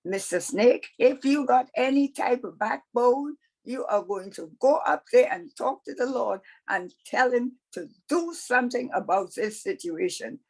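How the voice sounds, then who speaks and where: A woman's voice: fairly high pitch, expressive, unhurried, gravelly, few pauses, a little mellow, slightly rough, heavily acted, low-quality recording. Woman doing a ranting bossy snake wife. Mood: scolding. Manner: ranting, scolding.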